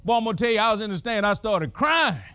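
A man preaching a sermon as a pastor, with a dramatic storytelling manner that breaks into shouted exclamations. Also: sits high, very animated, fast talker, smooth, no room sound, clean studio sound.

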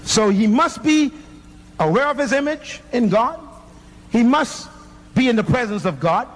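A man's voice: very high voice, a bit bright. A man preaching a fiery sermon, emphatic and firing off rhetorical questions at the congregation. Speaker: pastor.

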